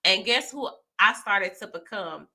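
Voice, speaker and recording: Bright-voiced candid woman. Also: medium pitch, expressive, measured pace. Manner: candid, reflective, emphatic. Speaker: podcast co-host. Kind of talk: casual chat.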